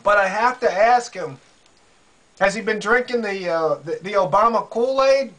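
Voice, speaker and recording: A man's voice: high-pitched, moderate pace, a bit bright, rough recording. A man giving casual political commentary, sarcastic and incredulous, often repeating himself. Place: quiet room under a roof in rain.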